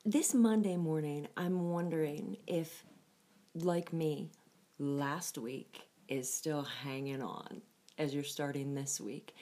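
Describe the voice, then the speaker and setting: Slow, low-voiced woman giving a devotional. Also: a little mellow. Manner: laughs often, thinks aloud. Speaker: host of a devotional show. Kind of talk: casual devotional talk.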